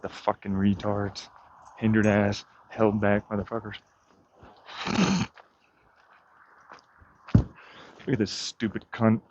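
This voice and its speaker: A man's voice: lowish voice, little pitch movement, slow, long pauses, darkish tone, a little hiss or hum. A man vlogging outdoors while walking his dog, ranting in an agitated, profane way with bitter muttering. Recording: dull lo-fi dry sound.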